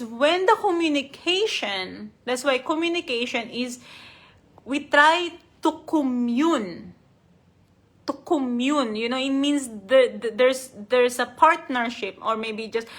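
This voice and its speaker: A woman's voice: high voice, fairly bright tone. Earnest woman giving a heartfelt live talk. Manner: heartfelt, earnest, repeats and restarts words. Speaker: life coach hosting a live stream. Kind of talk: unscripted motivational talk.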